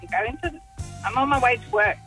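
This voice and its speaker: A woman from Sweden with a Swedish accent, calling in to a radio show and speaking in a hesitant, halting way. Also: a little high, lively intonation, bright, forceful tone, faint music behind. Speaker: caller. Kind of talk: casual radio call.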